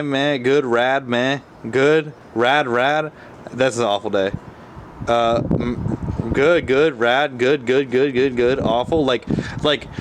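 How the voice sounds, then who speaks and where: A young man talks straight to his camera in a loose, rambling way, full of fillers and casual slang. His voice sits at an ordinary middle pitch. A clear, steady background noise runs under everything he says. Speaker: vlogger.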